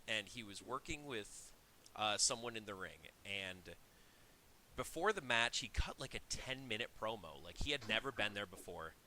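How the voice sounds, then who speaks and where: Bright-voiced male podcast co-host. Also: fairly low pitch, lively intonation, normal speed, a little hiss or hum. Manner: storytelling, chatty with restarts. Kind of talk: casual chat.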